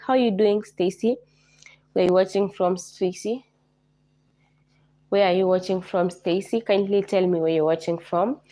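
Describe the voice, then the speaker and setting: A Kenyan woman hosting a casual livestream, hoarse from a flu, greeting viewers by name and repeating herself often. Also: fairly low pitch, warm tone. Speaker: livestream host.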